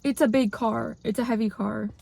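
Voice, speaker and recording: A woman's voice: fairly high pitch, fairly even intonation, moderate pace, creaky, dark tone, breathy edge, no echo. A young woman from Canada telling a personal story to camera, upset and rambling, with many fillers. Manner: upset, rambling, heavy use of "like". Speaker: vlogger.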